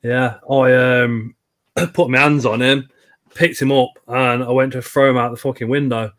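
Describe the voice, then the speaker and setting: A man's voice: medium pitch, flat delivery, normal speed, fairly bright tone. A man in his thirties telling blunt, sweary anecdotes on a live stream. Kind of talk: casual storytelling chat.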